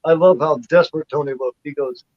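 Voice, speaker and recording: A man's voice: fairly high pitch, a little fast, a little mellow, no echo. A man co-hosting a casual film review livestream, retelling scenes in a rambling way with many fillers and restarts. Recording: dull lo-fi dry sound.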